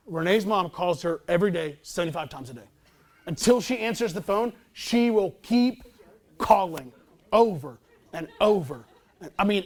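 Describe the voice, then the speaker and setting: During his sermon, a thirties-aged pastor shares something from his own life in a relaxed, talkative manner, poking fun at himself. He has a high-sitting voice.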